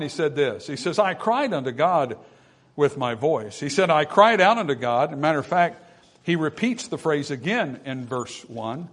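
Guy preaching a sermon, voice on the higher side, goes from quiet to loud and keeps asking if you're following. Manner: builds from hushed to loud emphatic preaching; repetitive, addresses audience with questions.

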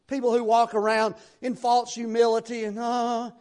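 A man's voice: extremely high pitch, completely flat delivery, normal speed, a little mellow, clear, resonant tone. A man preaching a sermon in a conversational, folksy way, asking his listeners rhetorical questions.

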